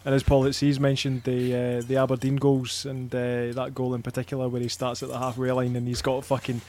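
A man's voice: mid-range voice, monotone, fairly quick, a little mellow. A man on a casual fan podcast, telling stories in a chatty way, swearing freely and filling gaps with ums. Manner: chatty storyteller, swears freely, many fillers. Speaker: podcast panelist.

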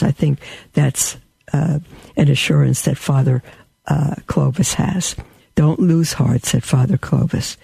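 A man's voice: fairly high pitch, gravelly, dark tone, breathy edge, no echo. A man earnestly reading quotes aloud and commenting on them to his listeners, with emphatic repetition and occasional fillers. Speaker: Catholic commentator addressing listeners.

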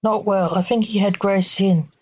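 A woman's voice: mid-range voice, fairly even intonation, normal speed, a little mellow, breathy edge, lightly acted. A woman voicing a cautious aging male alien emperor in her own plain reading voice. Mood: wary.

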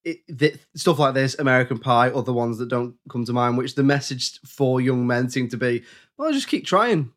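A man's voice: mid-range voice, level tone, a little fast, hardly any pauses. A man co-hosting a podcast, making jokey, rambling points. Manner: jokey, rambling, self-interrupting. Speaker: podcast co-host. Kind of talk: casual film discussion.

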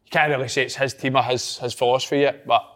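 A Scottish man talking quickly and casually about football, dropping the odd swear. His voice sits at an ordinary middle pitch. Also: steady tone, fairly bright tone. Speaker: football podcast panelist. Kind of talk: casual chat.

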